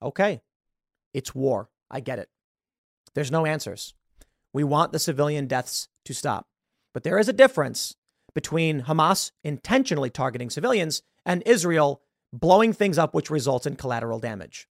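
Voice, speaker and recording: Animated, emphatic male political commentator. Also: a little high, moderate pace, creaky, no echo, clean studio sound. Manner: emphatic, poses rhetorical questions to viewers.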